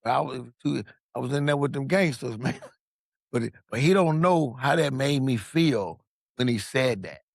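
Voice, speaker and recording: A man from Long Beach, California, a podcast guest telling his story in a casual, animated way, acting out the voices of people he quotes and swearing freely. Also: mid-range voice, normal speed, creaky, no room sound, studio quality.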